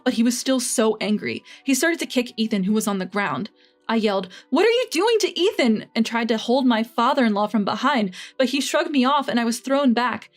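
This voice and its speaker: Woman narrating a story over faint music. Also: a little high. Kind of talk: scripted first-person story narration.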